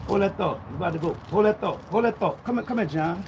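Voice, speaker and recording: High-voiced fiery male preacher. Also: slight background noise. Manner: fiery, rhetorical, jabbing questions at listeners; reads scripture slowly and forcefully. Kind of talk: live-streamed street-style sermon.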